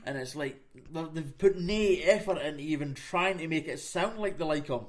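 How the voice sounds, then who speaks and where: A man's voice: fairly high pitch, moderate pace. A young Scottish man co-hosting a podcast, chatting casually in a blunt, sweary, sarcastic way. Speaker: podcast co-host.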